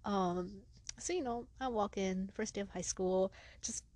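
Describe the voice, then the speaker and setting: A woman's voice: mid-range voice, a little slow, a little mellow, no room sound. A young woman hosting a podcast, telling a story in casual chat and leaning on "like" a lot. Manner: chatty, lots of filler "like". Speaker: podcast host.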